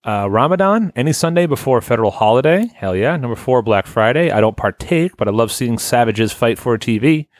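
A man's voice: medium pitch, animated, brisk, few pauses, no room sound, studio quality. A man hosting a casual podcast, reading listener lists in a loose, rambling way and swearing offhand. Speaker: podcast host.

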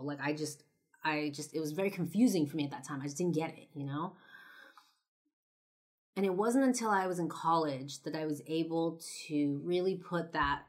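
Her low-pitched voice has a fairly bright tone as she, a podcast and video host in her twenties, tells a personal story. The delivery is relaxed and conversational, peppered with fillers and a bit of swearing.

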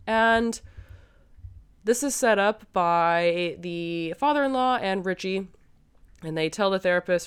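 A woman's voice: medium pitch, clean tone. A young adult woman hosting a podcast, casually recapping a film with lots of fillers and hedges. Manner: chatty, many fillers and hedges. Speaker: podcast host.

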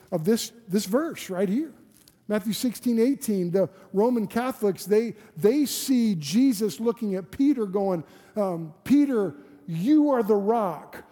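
A man's voice: high voice, mellow. A man preaching a sermon as a pastor, earnest and full of rhetorical questions and restarts. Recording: long hall reverb.

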